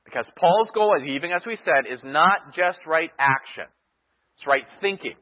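This is an expository sermon from a Bible teacher whose voice is fairly high, animated, and moderately paced. He poses rhetorical questions and repeats key phrases, and the audio is thin and phone-like with a long hall reverb.

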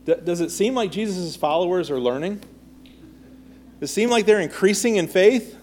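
A man's voice: a little high, normal speed, a little mellow. A man teaching a Bible study in a conversational way, reading scripture aloud and then asking the group questions.

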